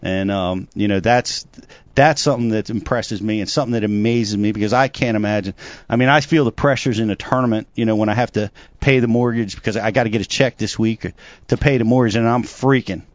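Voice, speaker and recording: A man's voice: fairly low pitch, a little fast, dry recording, muffled recording. Rambling male talk show co-host. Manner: rambling, animated storytelling. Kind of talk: casual chat.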